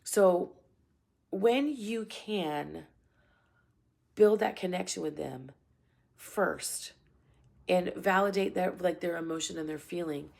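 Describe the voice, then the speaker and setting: A woman's voice: on the low side, slow, gravelly, long pauses, a little mellow. A middle-aged woman, a parenting coach, talking casually and earnestly to camera, often checking in with "right?". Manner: earnest and plainspoken, with many "right?" check-ins. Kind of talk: casual advice talk to camera.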